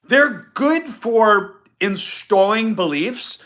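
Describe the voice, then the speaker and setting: Man, podcast host, live-stream motivational talk, emphatic, repeats himself, fairly high, bright forceful tone. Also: expressive, very slow. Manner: emphatic, repeats key points, acts out example phrases.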